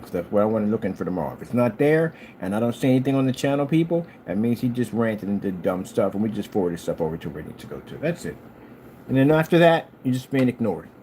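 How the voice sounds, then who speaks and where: Animated rambling man with a mellow voice. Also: slight background noise. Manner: animated storyteller, jumps high for quoted lines; scolding, talks straight to a critic. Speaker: channel host. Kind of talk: casual rambling monologue.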